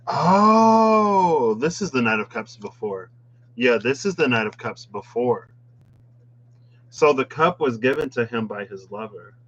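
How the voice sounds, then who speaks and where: A man's voice: medium pitch, lively intonation, normal speed, fairly bright tone, muffled recording. A man reading tarot cards in a casual chat, musing aloud with playful asides. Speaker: tarot reader. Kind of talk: casual tarot deck walkthrough.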